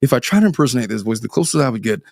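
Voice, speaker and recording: A middle-aged man with a medium-pitched voice reads a listener's marriage story aloud and breaks in with dry, swearing commentary. The recording is close and dry. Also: big pitch swings, racing, a little mellow, dry recording. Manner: sardonic, profane, reads listener letters aloud. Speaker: podcast host, divorce attorney. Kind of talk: casual podcast chat.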